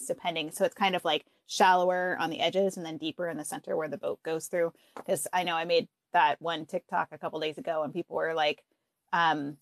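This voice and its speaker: A young woman co-hosting a podcast in casual chat, chatty and quick to laugh. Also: lowish voice, dry recording. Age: young adult. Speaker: podcast co-host.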